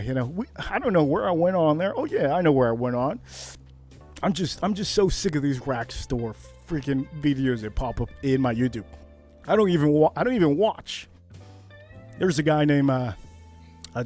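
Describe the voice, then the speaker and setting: A man hosting a casual whiskey livestream, rambling between topics and getting worked up as he talks. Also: a little high. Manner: rambling, animated, gets worked up. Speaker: livestream host. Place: Miami Beach.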